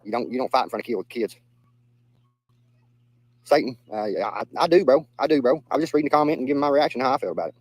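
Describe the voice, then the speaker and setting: A man's voice: mid-range voice, animated, fast, long pauses, a little mellow, no echo, poor audio. A young man with a Southern US accent who streams live and reacts to his chat in a blunt, profane, casual way, often repeating himself. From Southern United States. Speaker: livestreamer reading chat.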